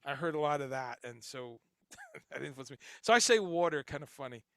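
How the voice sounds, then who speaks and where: A man's voice: fairly high pitch, animated, brisk, a bit bright, dry recording, studio quality. A middle-aged man who grew up in Chicago and the Caribbean, hosting a casual livestream, rambling and swearing as he reads chat comments aloud. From grew up in Chicago and Guyana, later New Jersey. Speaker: livestream host.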